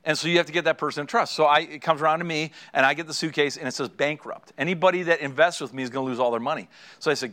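Preaching pastor, man, lively storytelling. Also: fairly high pitch, very fast, a little hiss or hum. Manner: storytelling, addresses the congregation directly, laughs at own stories. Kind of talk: sermon to married couples.

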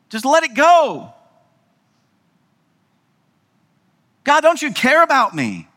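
A preacher acting out a desperate pleading apostle. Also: male voice, very high-pitched, bright, forceful tone, pitched above the performer's own voice, exaggerated voice. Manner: pleading, strained, exasperated. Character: pleading, frustrated apostle begging God.

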